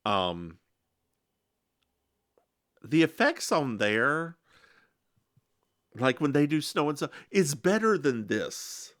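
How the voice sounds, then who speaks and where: A man's voice: fairly high pitch, very animated, takes it slowly, pauses often, a bit bright, no room sound, clean studio sound. A man co-hosting a podcast, chatting casually and campily while recapping a TV episode. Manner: chatty, giggly, campy. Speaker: podcast co-host.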